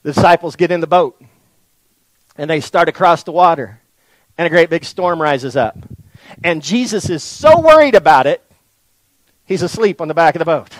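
A man preaching a sermon to a congregation, folksy and animated, swinging from near-shouts down to soft, low lines. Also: normal speed, pauses often, no room sound, rough recording. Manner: folksy, addresses the congregation directly. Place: church in front of a congregation.

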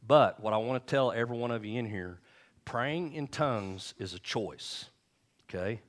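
A middle-aged male pastor preaching a sermon and telling stories, acting out quotes with shifting pitch and volume. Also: moderate pace.

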